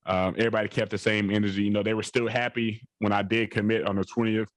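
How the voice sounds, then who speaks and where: A man's voice: lowish voice, level tone, fast talker, no echo. A young adult man, a college football player, telling a long rambling story in an interview, repeating phrases and leaning on fillers.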